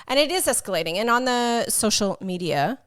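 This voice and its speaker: A woman's voice: on the high side, animated, brisk, a bit bright, smooth, no echo, clean studio sound. A woman co-hosting a podcast in casual chat, rambling with fillers and swearing freely. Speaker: podcast co-host.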